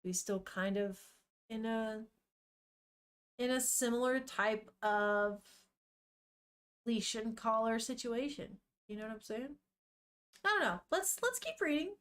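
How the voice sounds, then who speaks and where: Chatty woman streamer, slightly high voice. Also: animated, slow, pauses often, a bit bright. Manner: chatty, swears casually, talks to viewers. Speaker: streamer reading manga. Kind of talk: casual live-stream chat and read-along.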